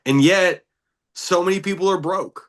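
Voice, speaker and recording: A man's voice: high voice, moderate pace, fairly bright tone. A man co-hosting a casual podcast, talking loosely and steering the conversation with questions. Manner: conversational, rambling, leads questions. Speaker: podcast co-host.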